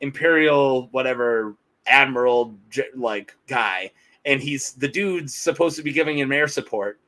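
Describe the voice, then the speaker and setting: A podcast co-host with a medium-pitched, sharp-toned voice chats casually and unhurriedly, rambling, laughing often and quoting characters in playful voices. The audio quality is poor.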